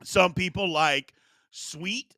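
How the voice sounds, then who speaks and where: A man's voice: high-pitched, slow pace, gravelly, dry recording, studio quality. A man hosting a live show, counting down a list, repeating lines for emphasis and scolding viewers playfully. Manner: animated, repeats phrases for emphasis, addresses viewers as "people". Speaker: sports talk show host.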